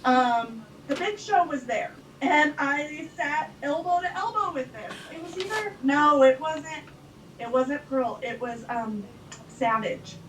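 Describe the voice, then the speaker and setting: A woman's voice: sits high, slow, fairly bright tone. A woman recalling a memory, stopping now and then to search for the right words. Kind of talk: casual interview storytelling. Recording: roomy, distant, faint noise.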